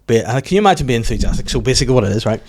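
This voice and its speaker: A man's voice: mid-range voice, lively intonation, very fast, darkish tone, breathy edge. A man hosting a comedy podcast, rambling through stories with restarts and acted-out quotes in a casual chat.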